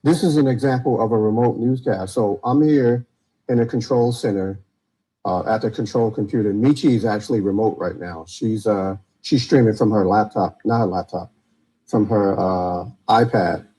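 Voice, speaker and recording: A man producing the show from a control center, talking casually and haltingly, with many restarts. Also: on the low side, dark tone, poor audio. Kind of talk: casual explanation.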